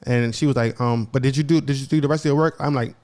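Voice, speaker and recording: A young man tells his own story in loose, casual podcast talk, rattling along at a quick clip. He acts out both sides of each conversation as he goes. He often repeats and restarts phrases mid-sentence. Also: medium pitch, steady tone, darkish tone. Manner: retells events by acting out both sides of conversations. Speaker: podcast co-host.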